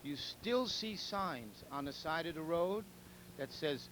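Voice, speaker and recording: A man's voice: on the high side, lively intonation, slow, a bit bright, a little hiss or hum, low-quality recording. A man hosting a telethon, rambling through jokes and appeals with repeated words and chuckles. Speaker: telethon host. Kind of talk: casual joke-telling and fundraising appeal.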